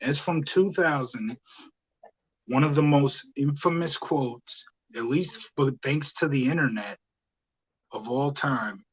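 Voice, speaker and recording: A man with an average-pitched voice co-hosting a casual podcast. He talks enthusiastically but rambles, filling gaps with frequent hesitations. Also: slow pace, husky, rough recording. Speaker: podcast co-host.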